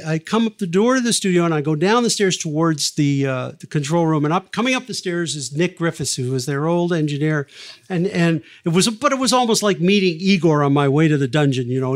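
Older man, podcast guest, rambling storyteller, fairly high voice, voices the people in his stories. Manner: lively raconteur, many fillers and restarts, acts out quoted lines. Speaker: record producer, interview guest. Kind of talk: anecdotal storytelling in a podcast interview.

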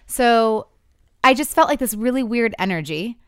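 A woman's voice: a little high, moderate pace, clean tone, no room sound, clean studio sound. A woman in her thirties telling a couple's story in candid chat, acting out the quotes as she goes. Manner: animated storytelling with voiced quotes.

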